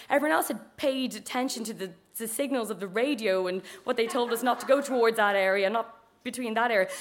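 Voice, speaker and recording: A young woman with an Irish accent telling a story, chatty and full of asides. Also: sits high. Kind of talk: live storytelling.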